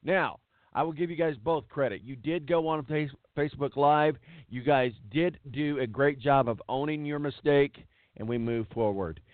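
Blunt ranting sports host, tinny sound. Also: male voice, fairly high pitch, normal speed, no echo. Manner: emphatic, blunt, repeats words for stress. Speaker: sports talk show host. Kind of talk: ranting sports radio talk. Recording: tinny phone-like dry sound.

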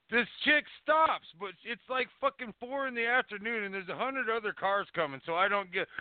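A man's voice: high voice, clean tone, no room sound. A man co-hosting a casual podcast chat, telling heated, profane stories and trading jabs. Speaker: podcast co-host. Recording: dry, phone-like tinny audio.

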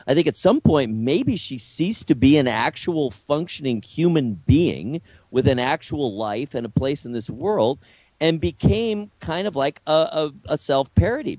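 A man co-hosts a podcast, reflecting on a case in a measured, thoughtful way. His voice moves with lively pitch. The dry, slightly dull recording lacks brightness. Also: no room sound. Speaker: podcast co-host. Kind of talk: casual interview conversation.

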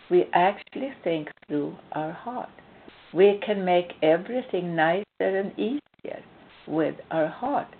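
A woman from Sweden, a spiritual coach, giving casual relationship advice through personal stories, emphatic with hesitant restarts. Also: fairly low pitch. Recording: tinny phone-like sound.

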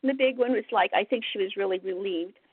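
A woman's voice: medium pitch, fast talker, husky, dry recording. A woman, an author being interviewed, telling a personal story in an earnest, heartfelt way. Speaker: guest author. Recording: tinny phone-like line.

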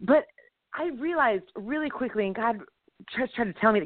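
A woman's voice: on the high side, normal speed, no room sound. Chatty lady cohost on a radio talk show, voice bounces all over, sounds like a phone line, super dry. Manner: animated, chatty, laughs often, self-deprecating. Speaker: co-host of a Christian comedy radio show. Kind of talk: casual chat.

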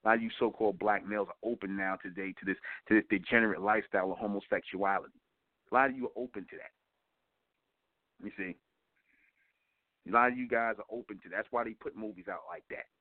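A man's voice: fairly low pitch, steady tone, fast, no echo. Preachy man lecturing on tinny phone line. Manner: preachy and repetitive, keeps asking "you see?"; blunt and profane. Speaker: internet radio talk show host. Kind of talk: lecturing radio monologue.

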